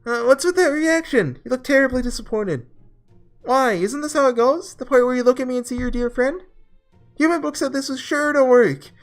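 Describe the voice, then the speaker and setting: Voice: sing-song, normal speed, faint music behind. A reader reading aloud the lines of a proud young goddess of the underworld in a game, haughty and easily flustered. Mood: indignant. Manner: haughty then shrill and flustered.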